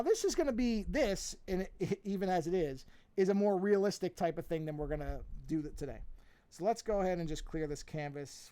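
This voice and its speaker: A man's voice: a little high, mellow, clear, resonant tone. A man casually teaching cartoon drawing on a livestream, rambling and thinking aloud as he works at his desk mic. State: yawning, a bit sleepy. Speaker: art teacher streaming a drawing lesson.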